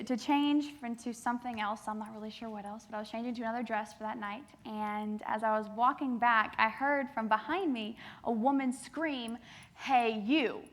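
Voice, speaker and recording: Young woman, keynote speaker, bright voice, lively storytelling with acted quotes, youth assembly. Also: a little high. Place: large assembly hall.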